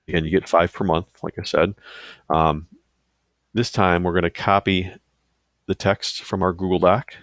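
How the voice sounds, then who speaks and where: A man casually talking through a software tutorial, thinking aloud with loose fillers and asides. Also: deep voice, dry recording, studio quality. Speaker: teacher giving a software tutorial. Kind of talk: screen-recorded tutorial.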